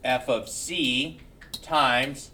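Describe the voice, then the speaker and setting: A man's voice: mid-range voice, fairly even intonation, drawn-out words, pushed and bright, far from the mic, a little hiss or hum. Man teaching math, a bit off-mic. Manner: keeps checking in with "right?", joking asides. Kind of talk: classroom lecture. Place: classroom.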